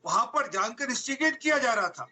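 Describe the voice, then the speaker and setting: An Indian political spokesperson argues on a TV news debate, talking in a rapid, insistent rush. His voice is high, bright and forceful. He keeps pressing the same point. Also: animated, low-quality recording. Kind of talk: TV debate panelist.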